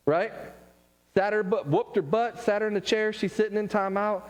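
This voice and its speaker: A man giving a casual church class talk, telling stories with quick asides and laughs. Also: on the high side, lively intonation. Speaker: Bible class teacher. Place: church room. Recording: long hall reverb.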